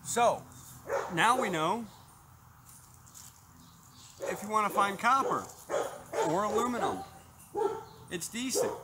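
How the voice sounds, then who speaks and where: A man's voice: sits high, expressive, takes it slowly, long pauses. Plainspoken man testing outdoors, noisy. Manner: plainspoken, calls out tones as he tests. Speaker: metal detector reviewer. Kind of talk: casual product demonstration. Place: outdoors in a yard. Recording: outdoor noise behind the voice.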